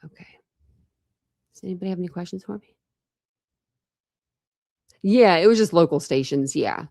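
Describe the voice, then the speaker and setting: Tired young woman on a home livestream, lowish voice, super dry, lots of likes and ums. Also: animated, moderate pace, creaky, warm tone, no room sound. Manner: rambling, lots of fillers and restarts. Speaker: true crime channel host. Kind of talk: casual livestream chat with viewers.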